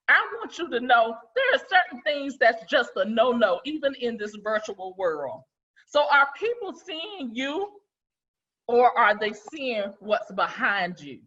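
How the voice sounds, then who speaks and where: A woman's voice: a little high, bright, forceful tone. Emphatic woman on a dull distant webcam. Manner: emphatic, repeats key phrases, asks the viewer questions. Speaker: interior designer and speaker. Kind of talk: direct-to-camera presentation. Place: home dining room.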